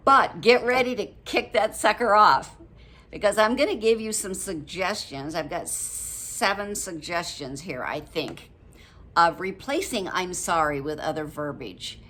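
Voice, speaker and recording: A woman's voice: fairly low pitch, lively intonation, a little slow, sharp tone. A woman in her late seventies chatting casually to her viewers about a book, rambling a little, with many ums and frequent laughs. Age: 70s. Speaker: vlogger reviewing a book. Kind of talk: casual chat to camera.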